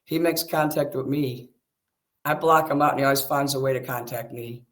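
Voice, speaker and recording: A man's voice: mid-range voice, fairly even intonation, moderate pace, a bit bright. A man in heated casual conversation, agitated and defensive, swearing often. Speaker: streamer talking with a friend.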